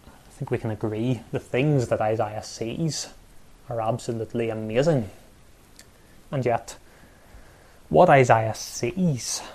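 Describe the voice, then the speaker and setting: Slow, emphatic male preacher. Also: mid-range voice, darkish tone. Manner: measured, emphatic preaching with pauses and repetition. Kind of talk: sermon.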